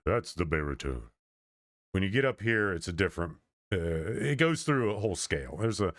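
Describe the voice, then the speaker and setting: A man in his thirties talks in a loose, wandering monologue, circling back on his own sentences. His voice sits low, and the close mic sounds dry with no room around it. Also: dry recording. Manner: meandering, with frequent restarts and trailing off. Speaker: streamer. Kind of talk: casual rambling monologue.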